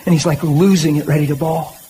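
A man with a notably high-pitched voice delivers a sermon. He talks plainly and conversationally and keeps leaning into emphatic asides to the congregation. There is a faint hum of noise behind him. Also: steady tone, brisk, warm tone. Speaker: preacher.

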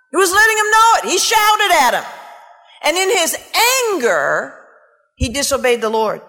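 A woman's voice: high voice, bright, forceful tone. A woman preaching a sermon, impassioned and emphatic, with scornful asides and Scripture read aloud. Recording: long hall reverb, faint music.

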